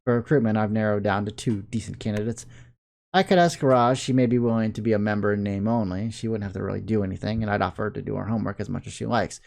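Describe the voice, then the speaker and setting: A man with a Southern accent reading a visual novel's narration aloud in a relaxed, wry, matter-of-fact way. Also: lowish voice, gravelly. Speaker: let's play host.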